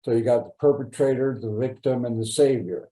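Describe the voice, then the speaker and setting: A man speaking as a panelist, explaining his ideas slowly and thoughtfully. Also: mid-range voice, fairly even intonation, dark tone, echoey room, rough recording. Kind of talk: reflective open discussion.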